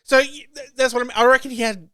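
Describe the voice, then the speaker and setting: A young man rambles through a casual podcast chat, swearing freely and laughing between thoughts. His voice sits high and comes through smooth and clear. The sound is dry and close. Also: fairly even intonation, fast, sharp tone, no echo. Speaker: podcast co-host.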